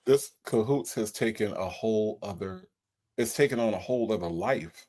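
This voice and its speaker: A man hosting a casual livestream panel on a video call, animated and full of exclamations. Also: on the low side, moderate pace. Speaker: host.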